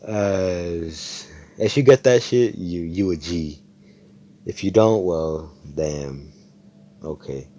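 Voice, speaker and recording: A man's voice: deep voice, slow, dark tone. A tired young man casually making up a fan-fiction story, rambling and swearing in a laid-back way. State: tired, yawning.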